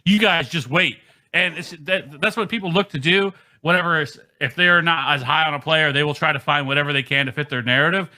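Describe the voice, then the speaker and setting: Male podcast host, bright and emphatic, casual sports talk. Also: a little high, fairly even intonation. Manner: emphatic, quick, frequent ums. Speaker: fantasy football podcast host.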